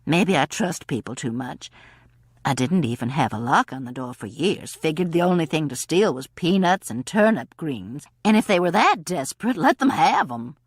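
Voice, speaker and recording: A woman's voice: sits low, animated, normal speed, slightly rough, dry recording, clean studio sound. A woman voicing a plump, cheerful old-hippie woman who talks in a chatty, plainspoken way.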